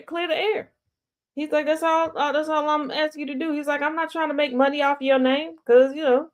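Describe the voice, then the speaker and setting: A woman hosting a casual news show and commenting on social media gossip in a sassy, blunt, slang-heavy way. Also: medium pitch. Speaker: host.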